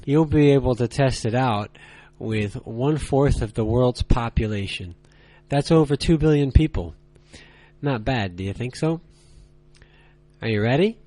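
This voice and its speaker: A man teaching a language lesson, speaking slowly and deliberately with long pauses and drawn-out words. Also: mid-range voice, mellow, no room sound. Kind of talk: slow, deliberate tutorial.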